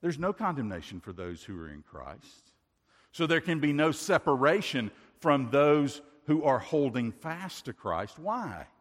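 A man's voice: on the high side, big pitch swings, measured pace. A man preaching a sermon as pastor, emphatic, with repeated rhetorical questions. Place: church sanctuary. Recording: reverberant hall.

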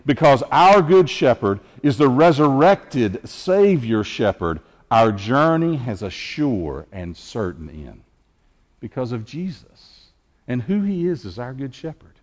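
A man preaching an Easter sermon as pastor, earnest and measured, with emphatic pauses. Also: medium pitch, a little mellow, in a large hall.

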